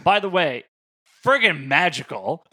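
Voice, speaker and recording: A man's voice: fairly high pitch, measured pace. A young man, animatedly telling a story in casual podcast chat and laughing along. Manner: animated, laughs through his own story.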